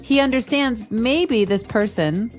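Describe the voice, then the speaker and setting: A woman's voice: on the high side, measured pace, soft background music. A woman co-hosting an English lesson podcast, explaining phrases with example sentences. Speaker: podcast co-host, English teacher.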